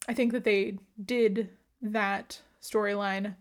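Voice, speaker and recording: A woman's voice: medium pitch, fairly even intonation, slow. Young woman cohosting a chatty podcast, lots of likes and ums, giggles a bunch. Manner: chatty, fillers, giggly asides. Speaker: podcast co-host. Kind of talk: casual chat.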